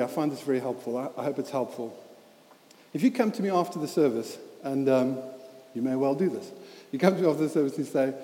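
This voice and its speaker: A man with a slightly high, dark-toned voice preaches a sermon in a reverberant church hall. He's earnest and plain-spoken, keeping it conversational, often saying "you know" and repeating words.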